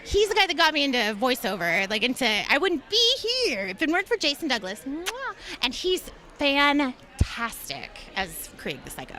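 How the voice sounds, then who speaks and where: Bubbly, high-pitched woman voice actor. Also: wildly swooping pitch, normal speed, pushed and bright. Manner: bubbly and enthusiastic. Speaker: voice actress and guest. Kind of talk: convention interview. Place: convention.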